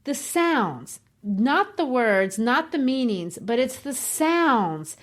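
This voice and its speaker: A woman's voice: sits high, sing-song, slow. A middle-aged woman co-hosting a literature podcast, explaining verse rhythm like a teacher and tapping out the beats. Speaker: podcast co-host. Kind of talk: casual literature discussion.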